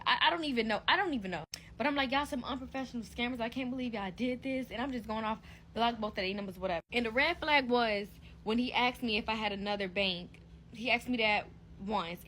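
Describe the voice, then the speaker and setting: A woman's voice: mid-range voice, a little hiss or hum. A young woman telling a casual storytime vlog, full of fillers and acting out both sides of a conversation. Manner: animated retelling, heavy fillers, acts out both sides. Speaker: vlogger.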